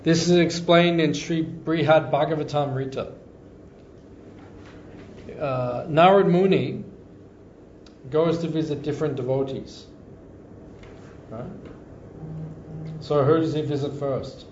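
A man's voice: fairly high pitch, slow pace, long pauses, a little mellow, slight background noise. A man giving an informal scripture class, telling stories chattily and repeating phrases for emphasis. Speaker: devotional class speaker. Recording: echoey room, slightly dull sound.

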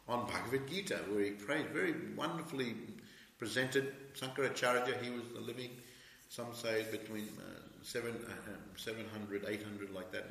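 A man giving a scripture lecture, halting with many fillers and restarts, then pressing his points emphatically. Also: mid-range voice, pushed and bright. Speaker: spiritual teacher giving a scripture class. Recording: echoey hall with long reverb.

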